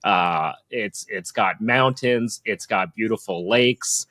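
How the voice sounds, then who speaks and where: A man's voice: on the low side, slow, bright, forceful tone, no echo. A man co-hosting a podcast who reacts with enthusiastic, supportive interjections and casual swearing. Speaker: podcast co-host. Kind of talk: casual chat.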